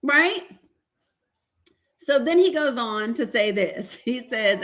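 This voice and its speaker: A woman's voice: fairly high pitch, slow, long pauses. A woman hosting a casual livestream, reading a deposition aloud and reacting with laughter, asides to viewers and frank swearing. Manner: animated, laughing, swearing, talks to viewers as y'all. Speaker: livestream host.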